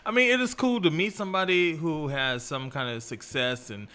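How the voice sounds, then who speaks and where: A man chatting casually about work, laid-back and quick to laugh, acting out past conversations. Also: fairly high pitch, clear, resonant tone. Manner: laid-back, laughs often, animated retellings. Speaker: restaurant worker. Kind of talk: casual chat.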